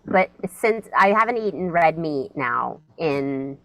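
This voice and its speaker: A woman comedian, telling a profane, animated story in a casual podcast chat and acting out her own reactions. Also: low-pitched, slow, dry recording, low-quality recording. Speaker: guest comedian.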